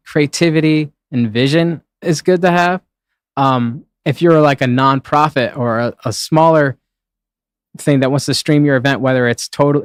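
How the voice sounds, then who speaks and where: A man's voice: medium pitch, dry recording, studio quality. A man working as a live event streaming producer, answering interview questions in a rambling, casual way, with plenty of fillers and acted-out quotes.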